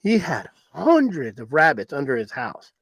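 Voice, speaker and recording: A man's voice: on the high side, huge pitch swings, normal speed, fairly bright tone. A man from Arizona telling stories in casual podcast chat, rambling and repeating himself for emphasis.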